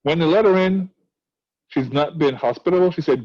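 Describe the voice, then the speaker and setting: A man's voice: a little high, normal speed, darkish tone, muffled recording. A male teacher explaining a play to his class, asking many rhetorical questions. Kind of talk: recorded class lesson on a play.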